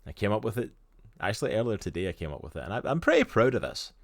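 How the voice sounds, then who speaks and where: A man's voice: on the low side, big pitch swings, fast talker, creaky, no echo, studio quality. A Scottish man co-hosting a live stream, chatty and enthusiastic, in casual talk. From Scotland. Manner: chatty and enthusiastic, with lots of "literally" and "like". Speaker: stream co-host.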